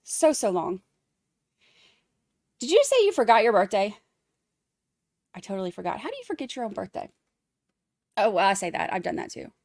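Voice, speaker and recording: A woman's voice: medium pitch, sing-song, normal speed, long pauses, darkish tone, no echo, studio quality. A woman hosting a casual livestream, chatting with viewers and reading their messages aloud with plenty of fillers. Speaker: livestream host.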